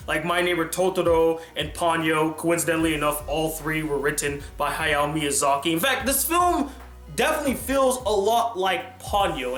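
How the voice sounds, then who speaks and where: A man's voice: high-pitched, a bit bright, echoey room. A man giving a casual, enthusiastic, jokey film review.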